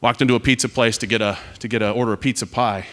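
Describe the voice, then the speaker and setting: An American man in his forties, a career Air Force officer about to retire, addresses a student audience during a panel. He speaks with a middling pitch, earnest and direct. He walks through his slides with stories and the occasional dry joke. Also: steady tone, racing, fairly bright tone. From United States. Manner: earnest, direct and storytelling, with wry asides.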